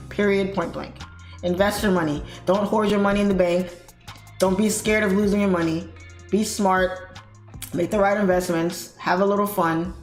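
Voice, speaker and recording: A young adult woman hosting a live trading stream in a casual, animated, chatty way, reading viewer comments aloud. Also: on the low side. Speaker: trading livestream host. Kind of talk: casual livestream chat while trading. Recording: roomy echo with faint music behind.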